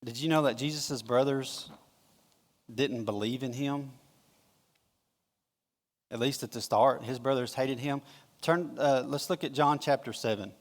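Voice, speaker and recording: Folksy preacher in a reverberant church. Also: male voice, mid-range voice. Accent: Southern American. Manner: casual, folksy storytelling with quick acted-out quotes. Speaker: pastor. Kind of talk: conversational sermon. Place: church sanctuary. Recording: long hall reverb.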